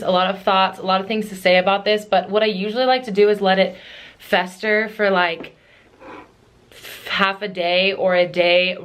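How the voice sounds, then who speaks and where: A woman's voice: mid-range voice, a bit bright. A woman book vlogger chatting casually and rambling, with lots of "like" fillers.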